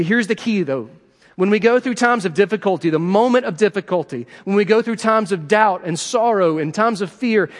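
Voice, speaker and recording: A middle-aged man preaching a sermon as pastor, earnest and repetitive, building emphasis as he speaks to his congregation. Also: sits high. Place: church sanctuary. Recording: long hall reverb.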